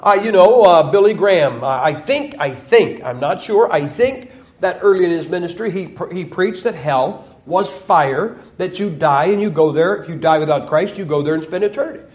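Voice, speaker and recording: A man's voice: sits high, lively intonation, normal speed, hardly any pauses. A man preaching in a church, joking and emphatic, with mocking quoted voices. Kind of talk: sermon.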